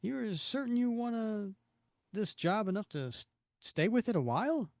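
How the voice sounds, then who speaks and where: A man's voice: sits high, very animated, normal speed, darkish tone, dry recording, clean studio sound, voice pushed up. A man voicing a formal, fatherly, middle-aged male store manager in a comic book reading.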